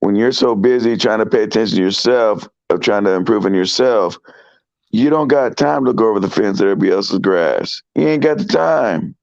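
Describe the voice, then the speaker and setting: Hoarse low-voiced man, sick. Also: expressive, a little fast, a little mellow, dull audio. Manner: slangy, emphatic, motivational. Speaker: trucker guest. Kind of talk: casual livestream chat.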